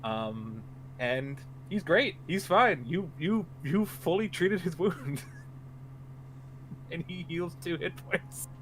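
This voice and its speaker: A man's voice: a little high, lively intonation, slow, fairly bright tone, a little hiss or hum. Rambling male game master. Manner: rambling, full of "like" and "um". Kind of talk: narrating a tabletop game.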